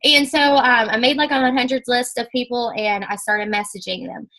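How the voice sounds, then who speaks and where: A young woman with a somewhat high voice tells her story to a business audience. She talks in a chatty, animated way and acts out the lines people said to her. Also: moderate pace, low-quality recording. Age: young adult. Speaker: network marketing speaker. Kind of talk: casual storytelling talk.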